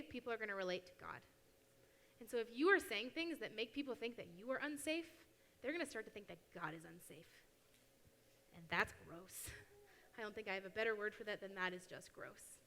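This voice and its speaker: A young woman preaches in a casual, animated way and slips into quoted voices now and then. Her voice is bright and a bit high. It rings with a long hall reverb. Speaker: youth speaker at church. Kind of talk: sermon talk. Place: church hall.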